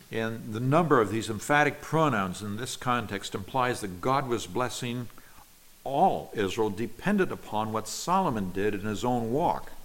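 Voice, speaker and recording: Low-voiced man preaching a Bible study. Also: a bit bright, low-quality recording. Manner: reads scripture aloud, then explains it word by word. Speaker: pastor. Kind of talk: expository sermon.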